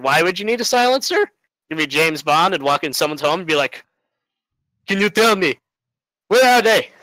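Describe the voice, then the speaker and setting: A man's voice: fairly high pitch, bright, forceful tone, no room sound, low-quality recording. A man giving a rambling, casual debate argument, full of fillers and little laughs.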